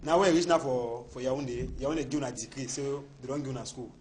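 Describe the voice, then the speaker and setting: A man's voice: mid-range voice, fast, a little mellow. A man from Cameroon speaking Cameroonian Pidgin English as a panelist in a heated studio debate, emphatic and repeating words as he builds his points.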